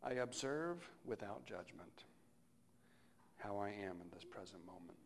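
A male pastor giving a sermon in a relaxed, conversational way, often trailing off softly at the ends of phrases. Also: on the low side, a little slow, creaky, slight background noise. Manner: conversational, reflective, often dropping to a soft close.

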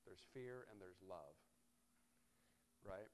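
Man preaching a wry, conversational sermon. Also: slow pace. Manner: conversational, wry preaching with frequent "right?" asides; swings between soft, low reflection and loud, animated emphasis. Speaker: pastor.

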